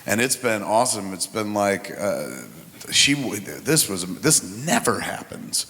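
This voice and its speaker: A man's voice: on the low side, a little slow. A middle-aged man telling crude, profane stories as a podcast host in casual chat. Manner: profane, animated anecdotes. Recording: live hall with reverb.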